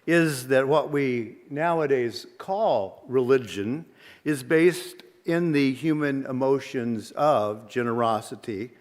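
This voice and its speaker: A man, a minister, giving a sermon in a measured, reflective way and asking many rhetorical questions. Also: mid-range voice. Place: church sanctuary. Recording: long reverb of a large hall.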